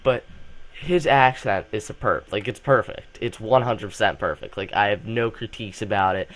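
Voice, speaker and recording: A young man, a student, hosting a casual fan vlog, rambling excitedly with lots of fillers and restarts while coming down with a cold. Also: lowish voice, moderate pace. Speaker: channel host.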